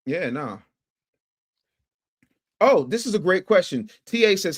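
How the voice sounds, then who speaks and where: A man hosting a casual livestream talk, animated and emphatic, who repeats words and stutters at times. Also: high voice, slow pace, pauses often. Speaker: host.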